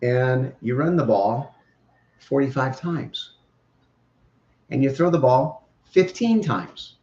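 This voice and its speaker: A man's voice: mid-range voice, animated, slow pace, warm tone. A man hosting a podcast, giving opinionated, rambling, joking sports commentary. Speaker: podcast host. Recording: roomy, dull lo-fi sound.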